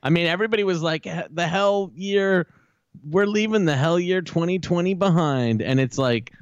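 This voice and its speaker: A man's voice: sits high, normal speed, smooth, no room sound, highs cut off. A man co-hosting a podcast, bantering and joking, often laughing along. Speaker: podcast co-host. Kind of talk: casual banter.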